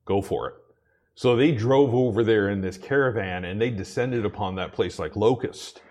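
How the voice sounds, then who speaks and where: A man's voice: on the low side, moderate pace, darkish tone. A man preaching a sermon, telling a rambling personal story with many restarts before turning to scripture with rising emphasis.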